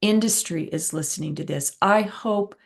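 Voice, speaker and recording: A woman's voice: fairly low pitch, normal speed, creaky. A woman patient advocate and host telling a personal story in an earnest, reflective way with emphatic repetitions. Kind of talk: conversational storytelling.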